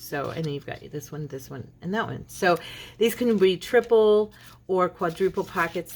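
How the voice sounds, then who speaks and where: A woman's voice: on the low side, lively intonation, fairly quick, slight background noise. A woman hosting a casual craft tutorial, talking while she folds and shows paper, often checking in with "okay". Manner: chatty, many "okay"s, talks while folding and showing paper. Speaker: craft video host.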